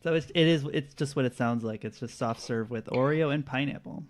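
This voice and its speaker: A man hosting a casual trivia podcast. He reads out the answers in a relaxed way and laughs often. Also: mid-range voice, a little fast. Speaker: quiz host.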